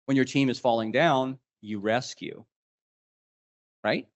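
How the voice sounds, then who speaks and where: A man's voice: mid-range voice, takes it slowly. A man leading a live leadership workshop, animatedly quizzing the group. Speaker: leadership trainer.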